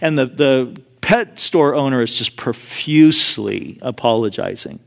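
A man's voice: medium pitch, lively intonation, measured pace, gravelly. A male pastor preaching a sermon in a conversational, storytelling way with frequent casual asides.

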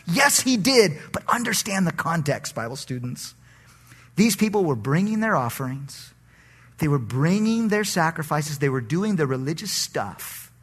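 Animated raspy man preaching. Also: on the high side, unhurried. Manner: animated, conversational preaching with acted quotes. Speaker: pastor. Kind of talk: sermon.

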